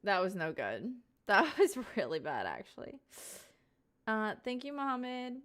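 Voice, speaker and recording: A woman's voice: mid-range voice, wildly swooping pitch, measured pace, fairly bright tone, clean tone. A young woman live streamer chatting casually and playfully with her viewers, giggly and rambling, sitting at home at a desk mic.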